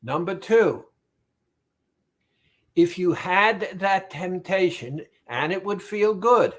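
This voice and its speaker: Male therapist, fairly high voice, slow and emphatic, motivational talk straight to the listener. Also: animated, a bit bright. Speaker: weight-loss therapist.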